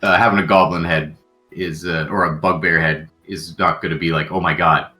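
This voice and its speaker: A man's voice: low voice, steady tone, normal speed, sharp tone, soft background music. A man narrating as game master, rambling with frequent ums and uhs.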